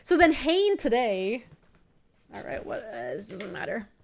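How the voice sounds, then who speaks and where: A woman's voice: on the high side, unhurried, gravelly. Chatty young woman telling a story. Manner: chatty storytelling, animated laughing asides. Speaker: streamer. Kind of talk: casual chat while playing a card game. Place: home streaming setup.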